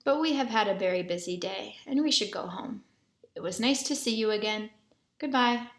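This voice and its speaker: A woman voicing a calm, polite female robot in a storybook, speaking with measured, formal courtesy. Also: mid-range voice, echoey room, natural voice.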